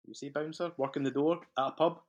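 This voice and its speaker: A man's voice: a little high, steady tone, fairly quick, highs cut off. A man with a Scottish accent, a podcast guest telling long stories in casual chat, swearing freely and laughing as he goes. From Scotland.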